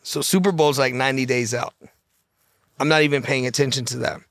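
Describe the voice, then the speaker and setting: A man's voice: mid-range voice, fairly even intonation, fairly bright tone, no echo. A man in the middle of his range tells a rambling personal story at speed, swearing freely. The sound is dry and close, with no room around it. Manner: profane, fast-talking anecdote with quoted dialogue. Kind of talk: casual storytelling.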